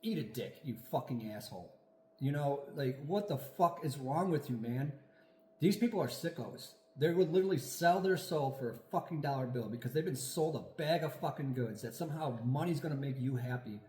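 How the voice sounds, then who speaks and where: A man's voice: medium pitch, animated, a little fast, a little mellow, reverberant. A man co-hosting a casual podcast chat, ranting angrily with lots of profanity. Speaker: podcast co-host.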